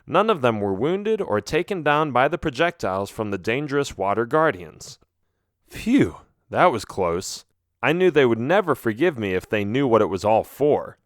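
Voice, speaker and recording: A man narrating a children's audiobook in an expressive, first-person storytelling manner. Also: medium pitch, normal speed, no echo, studio quality.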